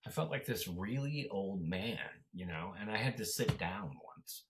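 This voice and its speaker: Man, very low voice, casual chat host, halting, lots of fillers. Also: animated, noisy background.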